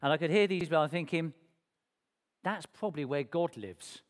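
A man telling his life story to a church congregation in a lively, self-mocking way, acting out the dialogue. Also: on the high side, normal speed. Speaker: speaker sharing his testimony to a church congregation. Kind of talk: personal storytelling. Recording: long reverb of a church hall.

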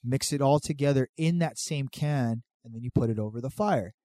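A man's voice: mid-range voice, moderate pace, no echo. A man telling a story in casual chat, swearing freely and acting out what others said. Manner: profane, animated storytelling. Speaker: podcast guest telling a story.

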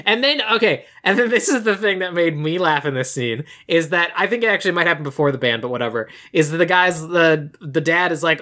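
A man's voice: sits high, brisk. A man co-hosting a podcast, casually recapping a movie, acting out quoted lines and saying "like" a lot. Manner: animated retelling, acts out quoted lines, heavy "like" filler. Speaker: podcast co-host.

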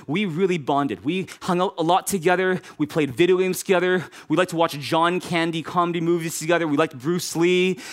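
A man's voice: a little high, a bit bright. A man preaching a sermon as pastor, repeating key phrases and speaking directly to his congregation.

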